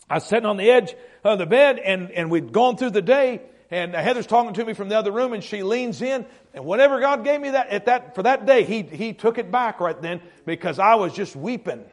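Earnest and storytelling, a middle-aged man delivers a sermon as a pastor in a voice that sits high. He repeats himself haltingly at times and lets some moments go quiet.

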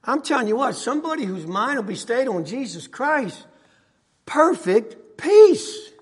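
A middle-aged man preaching a sermon in a church, repeating his phrases and swinging from soft asides to shouts. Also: very high voice, animated, a little fast, husky. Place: church sanctuary. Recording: long hall reverb.

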